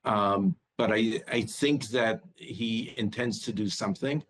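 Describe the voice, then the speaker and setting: Halting, low-voiced male market strategist. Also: slight background noise, low-quality recording. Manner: halting, repeats words when starting. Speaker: bank strategist guest. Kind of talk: remote news interview.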